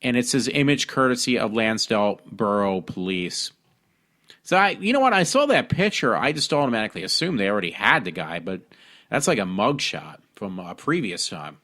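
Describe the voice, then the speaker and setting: A man's voice: lowish voice, sing-song, normal speed, bright, forceful tone. Rambling man reading news aloud. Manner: reads articles aloud with frequent ums and restarts. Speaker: podcast host. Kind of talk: casual news-reading talk show.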